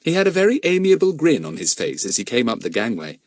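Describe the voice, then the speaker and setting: A man's voice: mid-range voice, huge pitch swings, fast talker. A man reading a children's adventure audiobook aloud as narrator. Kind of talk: scripted narration.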